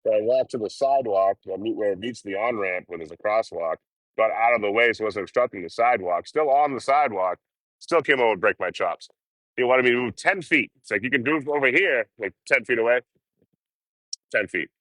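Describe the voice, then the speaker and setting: Deep-voiced profane man telling road stories. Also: a little fast, no room sound. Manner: profane, animated storytelling. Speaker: hitchhiking livestreamer. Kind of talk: casual storytelling on a livestream.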